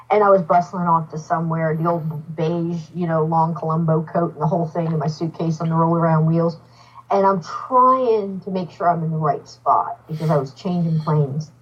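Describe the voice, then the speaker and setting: Her deep, husky voice moves briskly as this podcast guest, a psychic medium, relates a personal story with energy, acting out the dialogue of those involved. It's recorded on a distant mic with the highs cut off.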